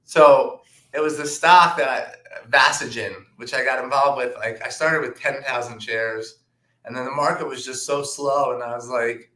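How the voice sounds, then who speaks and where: Man, trader guest, bright forceful voice, roomy echoey sound, casual storytelling. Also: mid-range voice, moderate pace. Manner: relaxed anecdotal, frequent "um" and "like". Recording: roomy echo.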